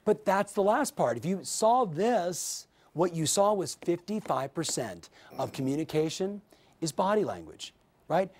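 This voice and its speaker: Middle-aged guy running a sales training, pitch jumps all over, upbeat coaching voice, acts out little dialogues. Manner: energetic, animated coaching with acted-out sample dialogues. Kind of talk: training video lecture.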